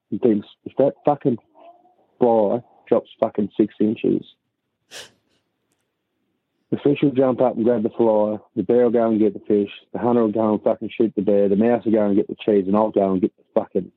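A man's voice: lowish voice, steady tone, moderate pace, husky, dry recording, phone-quality sound. A man telling a crude joke, full of swearing. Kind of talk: told joke.

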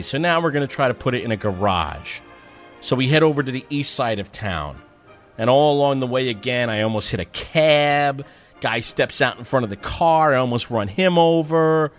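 A man hosting a radio show, telling a story in a wry, self-mocking monologue, swearing freely and swinging between loud outbursts and quiet mutters. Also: medium pitch. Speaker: radio host.

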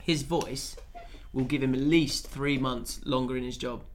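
A man's voice: mid-range voice, steady tone, unhurried, a little hiss or hum. A young man co-hosting a casual football podcast, joking and playfully teasing his friends. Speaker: podcast co-host. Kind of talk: casual chat.

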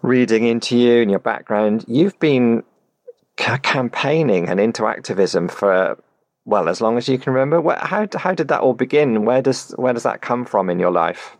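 A man's voice: mid-range voice, expressive, moderate pace, dry recording. A man co-hosting a podcast, easygoing and affirming, with small stumbles as he asks questions. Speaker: podcast co-host. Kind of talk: casual podcast chat.

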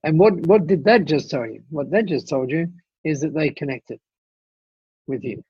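Husky-voiced man telling a lively story. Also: fairly high pitch, measured pace, no room sound, dull audio. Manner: animated storyteller, many restarts and asides. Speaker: guest speaker. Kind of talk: telling an anecdote in conversation.

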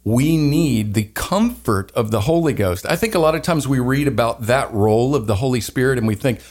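An earnest man holding forth in a sermon-like discussion, his voice sitting in an ordinary middle range. He talks with animated emphasis and breaks into playful acted-out voices when making a point. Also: medium pitch, fairly quick. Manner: animated, acts out quoted voices. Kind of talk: preachy faith discussion.

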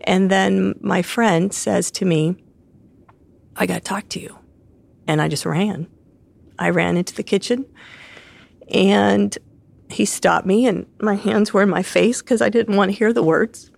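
A woman's voice: medium pitch, unhurried, gravelly, a little mellow. A woman telling a personal story in an interview, vividly acting out the lines she quotes.

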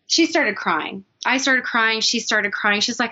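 A woman's voice: sits high, steady tone, takes it slowly, hardly any pauses, bright, forceful tone, muffled recording. A woman guest telling a personal story in an earnest, confiding, emotional way. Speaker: podcast guest.

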